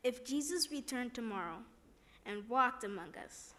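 A woman's voice: on the high side, lively intonation, a little slow, fairly bright tone. A woman reading the lines of a kind, earnest young man in a story, in a plain voice.

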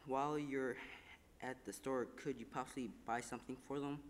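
A man voicing a kind, persuasive husband who gently pleads, in an echoing room. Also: mid-range voice, fairly even intonation, moderate pace, a little hiss or hum, lightly acted. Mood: gentle pleading.

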